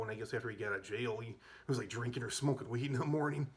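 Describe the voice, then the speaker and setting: A man recounts school stories in a loose, rambling way, stopping and restarting often with plenty of fillers. He chuckles now and then as he goes. His voice sits at an ordinary middle pitch. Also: steady tone, racing, few pauses. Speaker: vlogger telling school stories. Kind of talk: casual storytelling.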